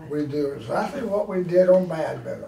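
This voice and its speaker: A man teaching a firearms class, blunt and forceful, acting out street scenarios for his students. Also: on the high side, animated, normal speed, creaky, a little hiss or hum. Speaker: firearms instructor. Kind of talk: classroom instruction. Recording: echoey room from far off.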